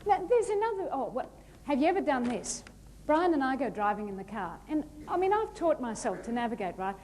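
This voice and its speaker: A woman giving a humorous keynote talk on stage, animated and playful, acting out little scenes. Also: high voice, brisk. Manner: lively, animated, playful storytelling with acted-out asides. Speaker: motivational speaker. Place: large hall before a live audience.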